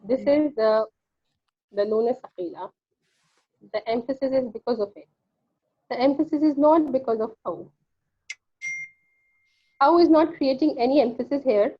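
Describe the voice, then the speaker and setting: A woman's voice: high-pitched, normal speed, pauses often, breathy edge. A woman teaching a grammar class online, explaining firmly and repeating key points. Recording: lo-fi online call audio.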